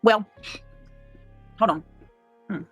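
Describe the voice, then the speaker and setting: A woman in her thirties chats casually on a livestream, rambling through a personal story, stopping to react to chat, and cussing freely. She speaks very slowly, the audio is dull, and soft music plays in the background.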